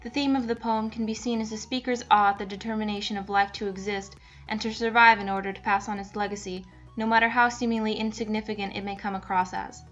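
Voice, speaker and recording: A woman's voice: mid-range voice, steady tone, quick pace, hardly any pauses, fairly bright tone, lo-fi sound, faint music behind. A young adult woman, a student, reading a prepared class presentation steadily as a voice-over. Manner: reads a prepared script steadily.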